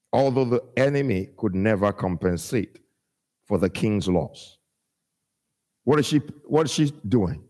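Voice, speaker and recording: A man preaching a sermon, with a chanting cadence that climbs into shouts and then drops low and quiet as he quotes scripture. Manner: sing-song preaching cadence, rising to shouts and dropping low when quoting scripture. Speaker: pastor.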